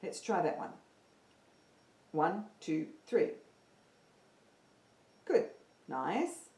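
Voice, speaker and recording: A woman's voice: sits low, very animated, extremely slow, warm tone, reverberant. A woman teaching an online singing lesson, upbeat and counting her students in.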